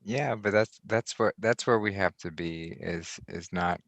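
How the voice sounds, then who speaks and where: Male podcast host, very low gravelly voice, measured and reflective, dry sound. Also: dry recording. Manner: soft-spoken, halting, many restarts.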